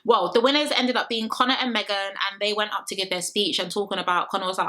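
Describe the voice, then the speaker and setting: Young female recap vlogger: bright, sassy, opinionated casual chat. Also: medium pitch, fast, hardly any pauses. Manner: opinionated, sassy, quotes people in mock voices. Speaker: reality show recap vlogger. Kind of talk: chatty recap to camera.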